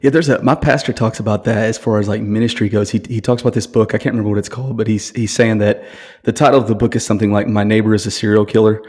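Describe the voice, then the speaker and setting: A man hosting a podcast, talking in a relaxed and casual way. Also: fairly low pitch, fast. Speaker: podcast host. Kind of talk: casual conversation.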